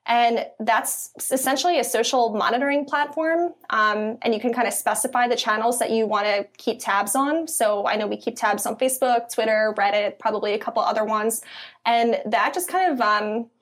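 A young woman with a Philadelphia accent talks casually as an interview guest. Her voice sits a little high, and she keeps it chatty, with lots of ums and you-knows. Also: normal speed, fairly bright tone. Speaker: guest, content editor.

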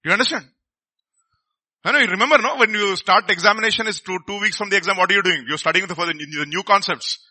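A man's voice: high-pitched, quick pace, bright, forceful tone. A middle-aged man, preaching a sermon in a conversational way and often asking the congregation questions.

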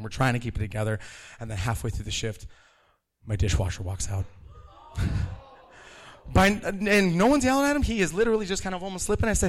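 A man in his thirties telling a live story about working in a kitchen, animated and laughing, acting out the people he quotes. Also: a little high, brisk.

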